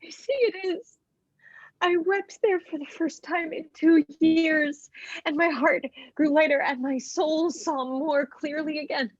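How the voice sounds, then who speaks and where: A woman playing a fragile, yearning young actress in a live streamed stage reading, speaking in a wistful, halting way. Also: high voice, fairly even intonation, no room sound. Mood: tearful. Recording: muffled dry home stream audio.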